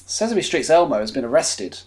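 A man's voice: medium pitch, very animated, brisk, a little mellow. A man hosting a podcast, reading comic news stories aloud in a mock-announcer way, giggling and tripping over words. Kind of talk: comedic news-reading chat.

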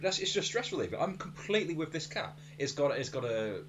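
A man's voice: fairly high pitch, sing-song, fairly quick, a bit bright, lo-fi sound, slight background noise. A man co-hosting a comedy podcast, rambling through jokey banter and flirty asides. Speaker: co-host. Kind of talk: casual comedy podcast chat.

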